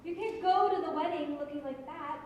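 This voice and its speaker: A vain, tipsy chaperone, voiced by an actress, drawling in a languid, grand way at a very high pitch. The stage sound is echoey and distant with a long reverb. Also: female voice, a little fast, a little mellow, lo-fi sound, a little hiss or hum, lightly acted. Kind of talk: stage musical acting. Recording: echoey theatre stage, mics far off.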